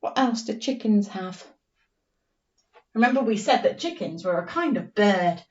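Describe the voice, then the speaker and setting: A woman's voice: mid-range voice, animated, darkish tone, roomy sound, distant mic, muffled recording. A woman teacher reading a story to young children and sounding out letters in an online lesson. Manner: slow, sing-song story reading with phonics sounding out. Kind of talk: remote primary school story lesson.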